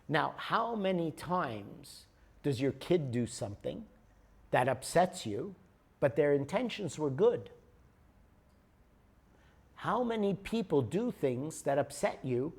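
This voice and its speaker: A man with a slightly high voice leads a workshop in an animated storytelling manner. He often pauses to check in with the audience. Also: gravelly, husky. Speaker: workshop leader.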